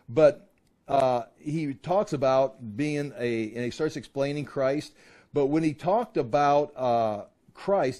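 A man teaching from the Bible, reading verses aloud and then explaining them casually, voicing the crowd in loud bursts. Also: mid-range voice.

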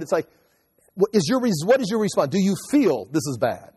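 Male pastor, high voice, chatty sermon with restarts, long hall reverb. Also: very animated, moderate pace, warm tone, slightly rough. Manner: conversational, repeats and restarts, acts out inner voices.

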